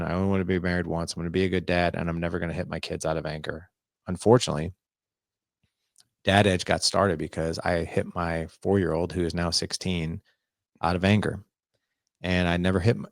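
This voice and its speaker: A man's voice: low voice, creaky, no room sound, clean studio sound. A man in his forties, a podcast guest, telling a personal story candidly and earnestly, often acting out what people said. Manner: earnest, confessional storytelling with quoted dialogue.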